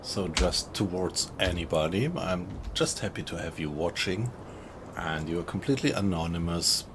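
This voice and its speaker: A man's voice: sits low, normal speed, noisy background. A man with a German accent, chatting casually to viewers while streaming a video game. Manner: chatty, thanks viewers, laughs often. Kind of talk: casual live-stream commentary.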